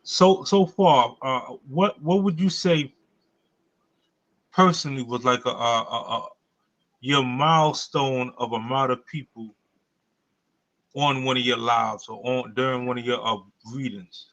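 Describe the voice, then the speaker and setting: A man interviewing a guest, asking halting, hesitant questions. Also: mid-range voice, fairly bright tone. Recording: distant, dull lo-fi sound.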